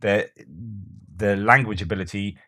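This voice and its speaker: Deep-voiced man giving casual news commentary. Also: fairly even intonation, moderate pace, pushed and bright, dry recording, studio quality. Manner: thinking aloud with fillers and self-corrections.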